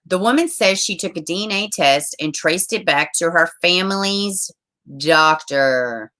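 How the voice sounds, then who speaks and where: Woman, live streamer, casual rambling, bright tone, swears, lowish pitch. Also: expressive, unhurried. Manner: swearing, chatty, trails off.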